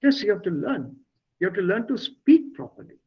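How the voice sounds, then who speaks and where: A man's voice: high voice, big pitch swings, normal speed, slightly rough, dull audio. A man teaching German in an online class, explaining patiently and repeating words and stresses for his learners. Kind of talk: online language lesson.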